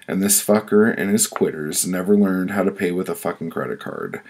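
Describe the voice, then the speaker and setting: Low gravelly man reading his own story. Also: moderate pace, a little mellow. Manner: blunt and profane, building frustration in the telling. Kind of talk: first-person prose reading.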